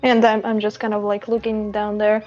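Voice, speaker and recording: A woman's voice: medium pitch, completely flat delivery, moderate pace, a little mellow, dull audio. A woman player in a tabletop role-playing game, hesitantly describing what her detective does. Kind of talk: in-character tabletop play.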